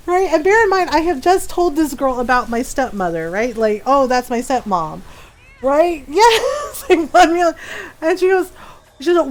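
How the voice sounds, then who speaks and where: A woman with a bright, high voice chats casually over her gameplay stream. She tells a long personal story, laughs often and changes her voice for each person she quotes. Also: normal speed, low-quality recording. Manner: animated, laughs often, acts out quoted people. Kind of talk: casual storytelling while gaming.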